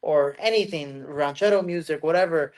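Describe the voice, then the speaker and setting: A man from the United States with a slightly high-pitched voice, co-hosting a podcast in loose, casual chat. He rambles and circles back on himself, leaning on "like" and dropping the odd curse. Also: normal speed, a little mellow. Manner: rambling, heavy on "like" fillers, swears freely. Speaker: podcast co-host.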